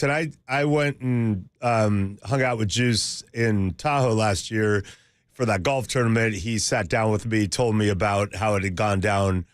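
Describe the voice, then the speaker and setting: Rambling sports radio co-host, dry sound. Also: male voice, on the low side, no room sound.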